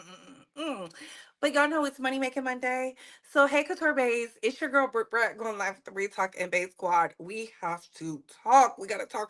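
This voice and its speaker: A woman's voice: sits high, sharp tone. A woman hosting a casual live stream, chatting playfully with viewers and repeating her phrases. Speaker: livestream host.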